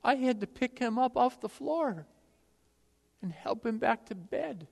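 Impassioned high-voiced male preacher. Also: animated, a little slow, gravelly, in a large hall. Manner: impassioned, swings from loud to hushed. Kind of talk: sermon.

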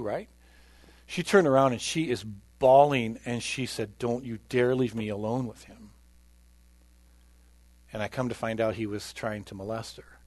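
A male pastor preaching a sermon, telling a personal testimony earnestly and swinging between loud emphasis and quiet. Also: on the low side, no echo.

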